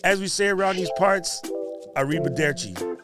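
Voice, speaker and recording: A man's voice: medium pitch, normal speed, over loud music. A man hosting a livestream in a casual, joking way. He laughs often as he thanks his guest and talks to viewers. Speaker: livestream host.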